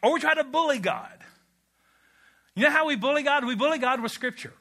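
Guy preaching in church, high bright voice, jokey, keeps asking the crowd stuff. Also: brisk. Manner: animated, humorous, asks the congregation questions. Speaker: pastor. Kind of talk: sermon.

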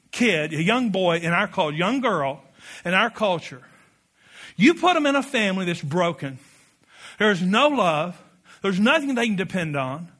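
A man preaching a sermon with passion, building to loud peaks and dropping to quiet asides, leading the congregation in call-and-response. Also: high-pitched. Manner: impassioned, rising to shouted peaks, drops to quiet asides. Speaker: pastor.

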